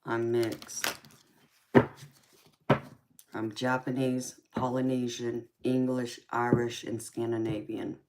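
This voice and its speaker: A woman's voice: very deep voice, flat delivery, slow, long pauses, darkish tone, slight background noise. Sweet-talking Southern woman on a live stream. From California, raised in Georgia. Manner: affectionate, calls viewers honey and sweetheart, laughs often. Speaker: tarot reader and live stream host. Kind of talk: casual live chat with viewers.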